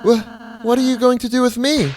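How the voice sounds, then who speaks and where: A player voicing a shy, gentle young reindeer girl from a game, timid and stammering. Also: mid-range voice, flat delivery, normal speed, pitched above the performer's own voice, natural voice. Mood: distressed.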